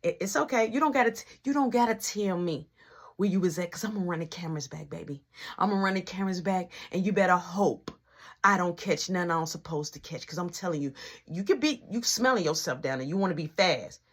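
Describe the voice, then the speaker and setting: A man's voice: sits high, animated, a little fast, full character voice. A man voicing his stern middle-aged mother, scolding sharply and threatening, in a spoken story. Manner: sharp, threatening, rising to yells.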